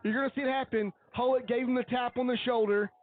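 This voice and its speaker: A man giving coach-like color commentary on a high school football game, earnest and openly emotional as he breaks down each play. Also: fairly even intonation, fast, dry recording, narrow, tinny audio. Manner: analytical, coach-like breakdowns of plays.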